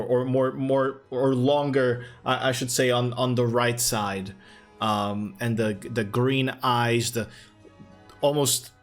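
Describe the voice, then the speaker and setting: A man narrating a tabletop game as game master, halting, with many fillers and restarts. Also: mid-range voice, a bit bright.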